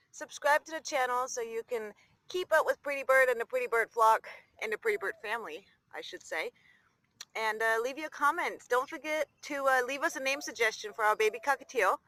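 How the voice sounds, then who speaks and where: A woman's voice: high voice, bright, forceful tone, no echo. A woman filming on her phone outdoors, chatting in doting baby talk to her pet goose and to her viewers. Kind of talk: casual chat. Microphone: handheld phone.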